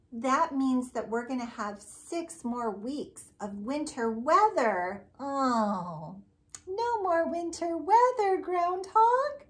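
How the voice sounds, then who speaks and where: Woman, preschool teacher, high voice, slow sing-song talk for little kids. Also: fairly bright tone. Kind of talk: circle time lesson for young children.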